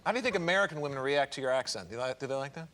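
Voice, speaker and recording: A man's voice: medium pitch, lively intonation, racing. A man hosting a dating game show in a TV studio, joking and teasing the contestants. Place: TV studio with audience. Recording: noisy studio with loud crowd.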